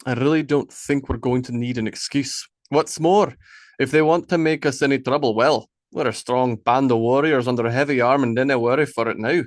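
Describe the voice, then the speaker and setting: A man voicing a gruff, commanding Viking war leader with firm, slightly archaic speech in an audiobook. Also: medium pitch, a little fast, no echo, studio quality, lightly acted. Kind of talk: audiobook character voice.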